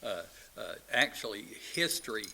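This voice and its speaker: A man's voice: fairly low pitch, very animated, moderate pace, creaky, pushed and bright, slight background noise. A man co-hosting a faith and politics talk show, speaking earnestly with frequent hesitations. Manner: earnest, hesitant with many uh fillers. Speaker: co-host. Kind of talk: casual talk show chat.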